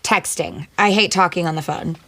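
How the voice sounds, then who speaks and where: Lowish-voiced woman, chatty and playful. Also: a bit bright. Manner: chatty and playful, quick one-word answers. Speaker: singer and actor being interviewed. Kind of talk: casual interview answers.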